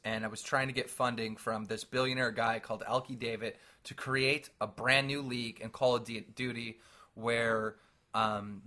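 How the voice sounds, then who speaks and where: A young man co-hosting a casual podcast, telling animated stories and laughing often. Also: mid-range voice. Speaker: podcast co-host.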